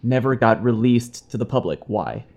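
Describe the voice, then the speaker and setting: A man hosting a casual podcast, recapping the story for listeners in a relaxed way with fillers. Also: mid-range voice, moderate pace, creaky. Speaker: podcast host.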